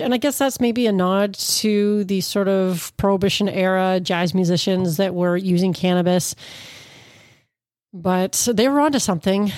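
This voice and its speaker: A woman hosts a podcast in a relaxed, chatty way, tossing in playful little asides. Her voice sits at a middle pitch. The recording is dry and close, with almost no room sound. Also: dry recording. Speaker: podcast host. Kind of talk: casual podcast chat.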